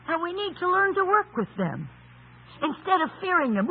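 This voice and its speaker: A man preaching a sermon in an emphatic storytelling style, with rhetorical questions, and raising his voice to a shout for stress. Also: very high voice, big pitch swings, normal speed, vocal fry. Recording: tinny phone-like sound.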